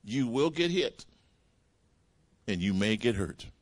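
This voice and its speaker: A man preaching a sermon as pastor, calling out hallelujah and praise the Lord as his pitch swings up and down. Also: very animated, slow. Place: church sanctuary.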